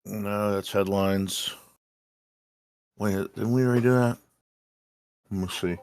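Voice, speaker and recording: A man's voice: fairly low pitch, steady tone, measured pace, darkish tone, clear, resonant tone, no echo. A man co-hosting a casual reaction stream, laid-back and chatty. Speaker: stream co-host.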